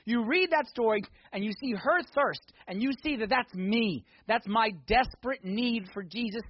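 A man preaching a sermon in a church, swinging from hushed intensity to loud, excited exhortation. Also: high voice, lo-fi sound. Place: church sanctuary.

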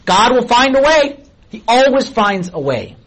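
A man's voice: extremely high pitch, sing-song, unhurried, fairly bright tone, breathy edge, low-quality recording. A middle-aged man preaching a sermon as a pastor, talking in a conversational way and asking many questions of his listeners.

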